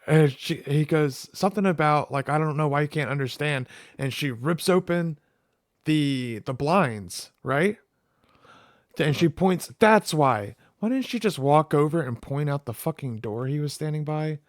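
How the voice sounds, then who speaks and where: A man's voice: a little high, dry recording. Rambling man with a dry close sound. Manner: rambling, profane, hesitant. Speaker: podcast co-host. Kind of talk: casual chat.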